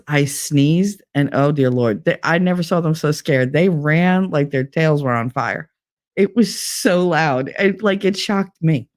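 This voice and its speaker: This middle-aged woman's low-pitched, darkish voice carries a rambling, chatty live-stream session as she reads out viewer messages. She hops from story to story, laughing a lot and using plenty of fillers, in a room with bare walls and no curtains.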